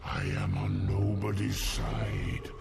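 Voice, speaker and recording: A man voicing a slow, ponderous ancient male tree giant in a deep voice. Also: sing-song, gravelly, loud music behind the voice, heavily acted.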